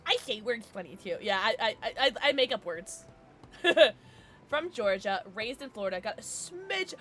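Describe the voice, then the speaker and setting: A woman's voice: medium pitch, a little slow, fairly bright tone, a little hiss or hum. A woman streamer chatting casually with her live viewers, giggling often as she reacts to the chat.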